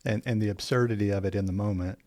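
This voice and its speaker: A man co-hosting a podcast, mostly giving short agreeing murmurs and adding quiet, reflective follow-ups. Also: on the low side, steady tone, fast, no echo, studio quality. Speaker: podcast co-host. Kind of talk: casual chat.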